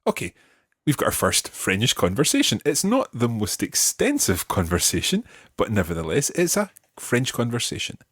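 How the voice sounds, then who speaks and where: Lively, patient man teaching a language lesson. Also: medium pitch, moderate pace, dry recording, studio quality. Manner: patient, clear, encouraging.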